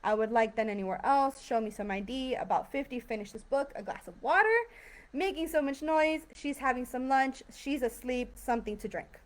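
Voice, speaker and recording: A woman's voice: high-pitched, brisk. A woman teaching English grammar in a live online class, explaining patiently and acting out example sentences in different tones. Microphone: video call.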